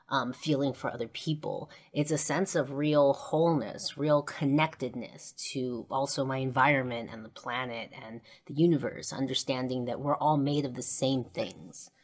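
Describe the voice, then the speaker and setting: Woman host, low voice, loose rambling storyteller, lots of ums. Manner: rambling, many fillers and restarts. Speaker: podcast host. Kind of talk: personal storytelling.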